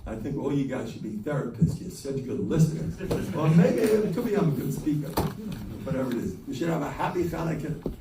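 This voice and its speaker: Older man, rabbi, joking and self-deprecating, lively swings in pitch, distant mic, echoey hall. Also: a little fast, background noise. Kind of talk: humorous Chanukah talk. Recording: roomy hall from a distance with faint ambience.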